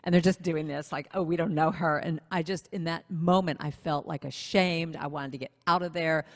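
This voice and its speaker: A woman singer-songwriter telling a self-deprecating story in a casual online interview, in an animated way. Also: deep voice, moderate pace, long reverb tail.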